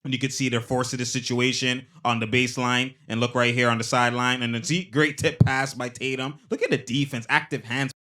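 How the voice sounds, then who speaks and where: A man talks through basketball replays in a loose, slang-heavy way, laughing often as he points out plays. His voice sits in an ordinary middle pitch. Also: brisk, few pauses. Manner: excitable, slangy, laughs often between remarks. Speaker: host. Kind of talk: casual basketball replay breakdown.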